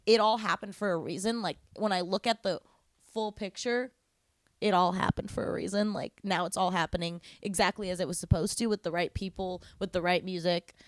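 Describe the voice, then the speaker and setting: A female lead vocalist, appearing as a guest, tells animated stories in a casual interview and laughs frequently. Her mid-range voice is smooth, recorded in a clean studio with no room sound.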